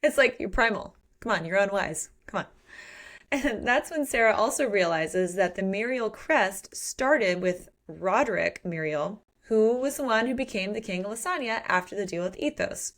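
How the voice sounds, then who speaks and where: Animated woman gushing about a book. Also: medium pitch, normal speed. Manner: animated retelling with acted-out quotes and swearing. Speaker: podcast co-host. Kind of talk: casual book chat.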